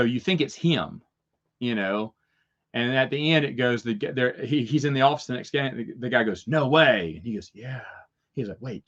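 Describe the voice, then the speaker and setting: A man's voice: medium pitch, fairly bright tone, highs cut off. A man hosting a casual Q&A chat, rambling through stories and chuckling at his own jokes. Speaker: host answering viewer questions.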